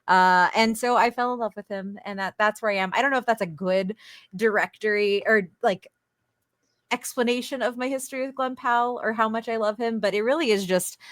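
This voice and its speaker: A woman's voice: a little high, brisk, fairly bright tone, no room sound, clean studio sound. A woman from Texas, a podcast guest chatting casually and enthusiastically. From Austin, Texas. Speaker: podcast guest, editor-in-chief.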